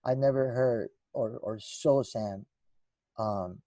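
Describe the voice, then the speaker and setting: A man's voice: medium pitch, slow pace, dark tone, no echo. A man guest in an interview, telling stories in a rambling way with many restarts and acted-out dialogue. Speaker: guest musician. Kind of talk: conversational storytelling.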